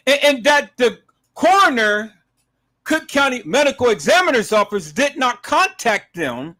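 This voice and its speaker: A man hosting a live stream, giving emphatic commentary to his viewers, dropping to low murmurs and rising to shouted outbursts. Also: very animated, a little slow. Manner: emphatic, repeatedly addresses viewers as "peoples".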